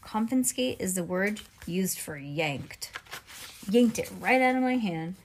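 A woman reading a children's chapter book aloud in a lively, expressive way. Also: mid-range voice, measured pace, a little hiss or hum. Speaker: reader.

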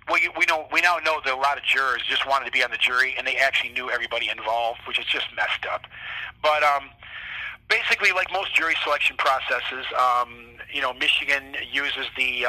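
A man's voice: mid-range voice, fairly even intonation, fairly quick, bright, forceful tone, rough recording. A man talking as an interview guest, telling his story with animation, acting out what others said and swearing freely. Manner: acts out what others said to him. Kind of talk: casual interview.

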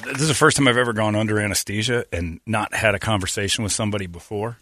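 A man holds the floor in a casual podcast chat, spinning an animated story and jumping into the voices of everyone in it. His tone is bright and forward, and the recording is close and dry. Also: fairly low pitch, fast talker, no room sound, some chatter behind. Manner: animated storyteller who acts out dialogue.

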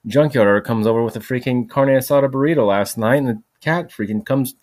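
A man's voice: mid-range voice, fairly quick, a little mellow. A man hosting a solo podcast, rambling casually with lots of "freaking" and "like". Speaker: podcast host. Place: home recording, voice message.

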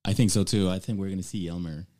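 A man's voice: low-pitched, fairly even intonation, quick pace, dark tone. A man co-hosting a podcast, playful and teasing, laughing often. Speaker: podcast co-host. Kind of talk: casual chat.

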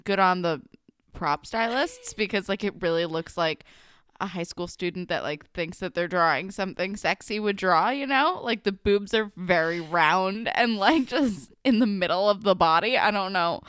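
A young woman co-hosts a podcast, casually recapping a TV episode while swearing freely and dropping plenty of "likes" and "ums." Her medium-pitched voice is animated and fairly bright, clear and resonant, at a moderate pace, in a dry, studio-quality recording.

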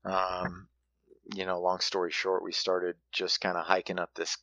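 A man casually telling a hunting story in a halting way, with many restarts and fillers. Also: deep voice, completely flat delivery, bright, forceful tone, rough recording.

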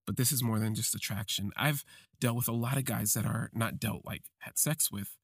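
Husky, gravelly man telling a confession. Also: on the low side, no room sound, clean studio sound. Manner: slow, halting, reflective phrasing. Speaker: podcast host. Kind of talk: confessional first-person storytelling.

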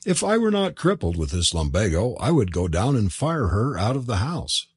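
A man's voice: fairly low pitch, sing-song, normal speed, husky, no room sound, full character voice. A man voicing a genial, talkative older male antiquarian who hosts a supper. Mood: chatty.

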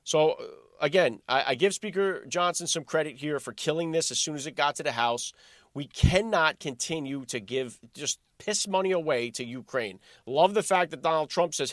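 A man hosting his own political podcast, talking in a high, animated voice that leans hard on sarcasm and rhetorical questions. The sound is close and dry, with no room around it. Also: normal speed, dry recording. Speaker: podcast host. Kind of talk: political commentary monologue.

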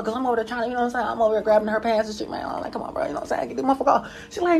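Fast-talking, profane young man telling a story. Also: high voice, vocal fry, soft background music. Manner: profane, slangy, animated, full of filler tags. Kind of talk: casual storytime monologue.

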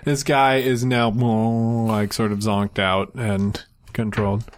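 A man's voice: lowish voice, level tone, slow. A man narrating a tabletop game as game master, loose and joking.

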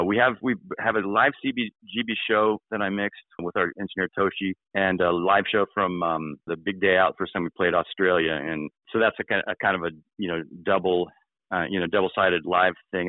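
A man's voice: deep voice, dry recording. A male rock musician telling stories in a casual interview, rambling with restarts. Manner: rambling, with frequent restarts and laughs. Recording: tinny phone line.

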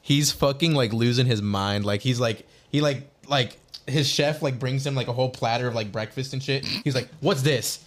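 A man's voice: medium pitch, normal speed. Rambling young male podcast host. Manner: rambling and profane, constant fillers. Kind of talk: casual podcast chat.

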